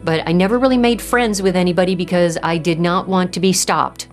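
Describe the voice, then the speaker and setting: A woman giving a personal faith testimony, earnest and halting, often restarting her sentences. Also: fairly low pitch, soft background music. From Southern California. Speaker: testimony speaker.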